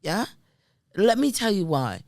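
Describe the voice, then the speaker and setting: Lively, emphatic middle-aged woman. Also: mid-range voice, a little slow, dry recording, clean studio sound. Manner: emphatic, animated, often addresses the listener with "right?" and "yeah?". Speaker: guest, community development worker. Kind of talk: conversational storytelling.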